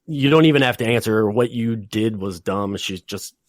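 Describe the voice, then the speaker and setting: A man's voice: fairly low pitch, normal speed, no echo. A tired man co-hosting a podcast in casual chat, teasing his partner with dry remarks. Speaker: podcast co-host.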